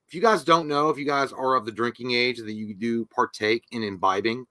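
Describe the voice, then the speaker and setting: A man's voice: medium pitch, a little fast, bright, forceful tone, no room sound. A man co-hosting a podcast in casual chat, with wry, crude jokes as he chimes in. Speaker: podcast co-host.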